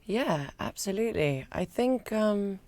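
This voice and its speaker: A woman's voice: medium pitch, expressive, measured pace, dry recording. A woman chatting playfully as an interview guest in a studio, wearing a small lapel mic and laughing easily. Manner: playful, laughs easily, soft-spoken asides. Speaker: interview guest, recording artist. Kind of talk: casual chat. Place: New York studio. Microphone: small clip-on lapel mic.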